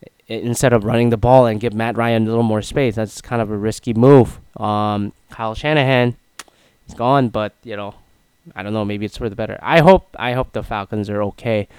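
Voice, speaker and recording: A man's voice: lowish voice, fairly even intonation, normal speed, darkish tone, clear, resonant tone, dry recording, poor audio. A man in his twenties rambling through an opinionated casual monologue, full of fillers. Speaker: sports commentator.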